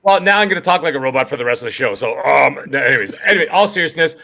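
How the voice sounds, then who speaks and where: A man's voice: medium pitch, lively intonation, very fast, gravelly, sharp tone. A man from Canada co-hosting a gaming podcast, chatting in an upbeat, jokey, rambling way. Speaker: podcast co-host. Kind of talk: casual podcast chat.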